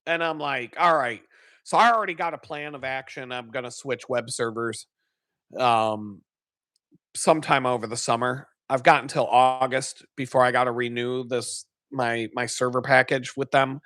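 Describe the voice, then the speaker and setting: A man's voice: medium pitch, normal speed, fairly bright tone, dry recording, studio quality. A man hosting a live stream, chatting casually and telling a story full of swearing, acting out his own angry outbursts. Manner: swears heavily. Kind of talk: casual chat.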